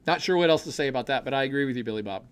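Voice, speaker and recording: A middle-aged man hosting a casual podcast livestream, reading viewer comments and joking, swinging between loud excitement and low mutters. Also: racing, clear, resonant tone. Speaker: podcast host reading live chat.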